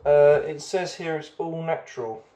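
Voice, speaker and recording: A man's voice: on the high side, normal speed, mellow, roomy sound, slight background noise. A man hosting a casual beer review video, chatty and rambling, often hesitating as he goes.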